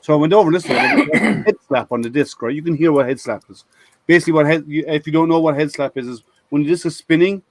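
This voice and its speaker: A man's voice: a little high, quick pace, dry recording. Chatty man telling IT stories. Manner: rambling storyteller, many restarts. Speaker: IT product manager at a software company. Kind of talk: casual group chat. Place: online video hangout.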